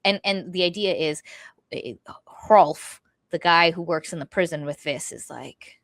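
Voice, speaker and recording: A woman's voice: fairly low pitch, measured pace, a bit bright, dry recording, studio quality. A woman co-hosting a book podcast, retelling the plot casually in a rambling way and dropping into mock voices for the characters. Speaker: podcast co-host. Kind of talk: casual book-review chat.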